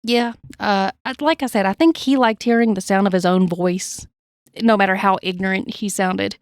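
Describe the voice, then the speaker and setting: A woman's voice: medium pitch, normal speed, no room sound, studio quality. Woman narrating a true crime podcast. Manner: reads aloud with blunt personal asides. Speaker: podcast host.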